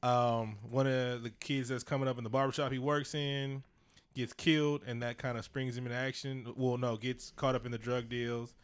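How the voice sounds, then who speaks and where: Animated man in casual podcast chat. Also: mid-range voice, moderate pace, clear, resonant tone. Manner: animated, laughing, acts out quotes in bursts. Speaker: podcast co-host. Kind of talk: casual chat reviewing a TV show.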